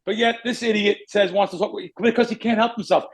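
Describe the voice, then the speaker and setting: A man's voice: high-pitched, steady tone, a little fast. A man hosting a betting podcast, telling long rambling stories in casual chat, cursing freely and drifting off on tangents. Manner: rambling storyteller who curses and goes off on tangents. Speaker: podcast host, sports bettor.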